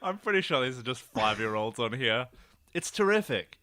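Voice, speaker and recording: A young man co-hosting a comedy podcast, talking in an animated, sarcastic, rambling way. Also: medium pitch, a little fast, no room sound. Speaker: podcast co-host. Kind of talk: casual comedic chat.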